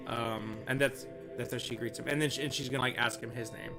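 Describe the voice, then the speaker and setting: A man's voice: mid-range voice, fairly even intonation, quick pace, creaky, few pauses, music in the background. A man playing in a tabletop game, chatting casually with stammering restarts and self-deprecating laughs. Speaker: player.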